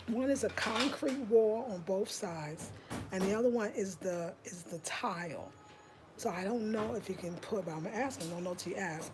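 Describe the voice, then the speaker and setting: A woman hosting a home design live stream from her rented house, chatting excitedly with viewers and calling them y'all. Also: mid-range voice, background noise. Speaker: home design channel host.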